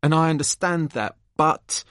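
A man's voice: fairly high pitch, a little slow, fairly bright tone, clear, resonant tone, dry recording, studio quality, voice pushed up. A man voicing a nervous, overeager teenage boy wizard in an amateur play-script reading, fussy and hesitant.

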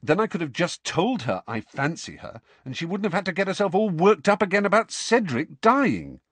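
A man's voice: high-pitched, big pitch swings, normal speed, a bit bright, breathy edge, dry recording, pitched above the performer's own voice, exaggerated voice. A man voicing a teenage schoolboy who gets flustered and indignant. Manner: spluttering, indignant.

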